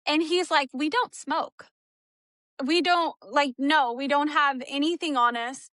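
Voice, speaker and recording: In a dry recording, a high-voiced woman speaks unhurriedly as an interview guest, recounting a personal story in an emotional, animated way. She's chatty, full of "like," and performs the quoted lines of other people.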